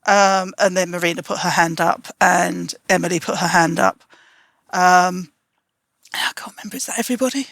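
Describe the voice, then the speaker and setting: Bright-voiced chatty female publisher. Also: lowish voice, normal speed, creaky, no echo. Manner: chatty, animated storytelling with hesitant restarts. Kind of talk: casual conversation.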